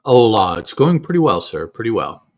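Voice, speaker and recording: A man's voice: on the low side, very animated, moderate pace. A middle-aged man co-hosting a podcast, easygoing and agreeable in casual chat, often answering with short replies. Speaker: podcast co-host.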